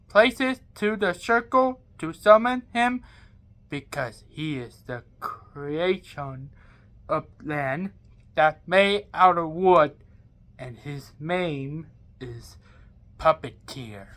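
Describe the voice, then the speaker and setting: Woman doing a male storybook villain, low menacing voice, hushed, slow. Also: expressive, full character voice. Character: scheming male villain summoning dark forces.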